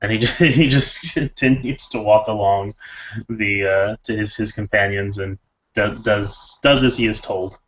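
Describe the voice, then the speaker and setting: A man's voice: lowish voice, measured pace, a bit bright, lo-fi sound. A man describing his character in a tabletop game, rambling with restarts. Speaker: player.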